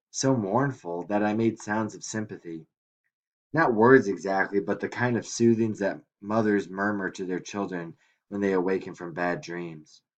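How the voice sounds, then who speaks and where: A man with a slightly low voice reads a first-person story aloud. His telling is quiet and reflective, in the manner of an audiobook. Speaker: narrator. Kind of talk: audiobook reading.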